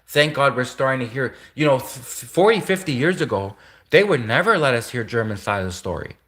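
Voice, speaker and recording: A man's voice: medium pitch, expressive, fairly quick, a bit bright. A man talking straight through a rambling casual monologue, often restarting and repeating his sentences.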